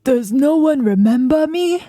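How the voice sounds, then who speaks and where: A woman voicing an overlooked male student in a game, speaking slowly and drawn out. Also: sits high, expressive, warm tone, no echo, studio quality, voice pushed up. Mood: plaintive.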